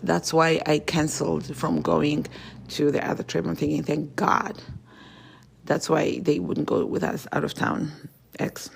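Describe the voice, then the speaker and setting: A woman hosting a podcast, venting about family in a heated, profane monologue that jumps sharply higher and louder when she gets angry. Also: creaky, slightly rough. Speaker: podcast host.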